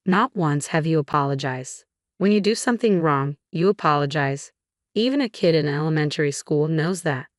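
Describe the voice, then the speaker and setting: A woman's voice: low voice, lively intonation, normal speed, no echo, clean studio sound. A woman voicing an older male company chairman, a grandfather, who speaks in a firm, reproving way. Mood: stern.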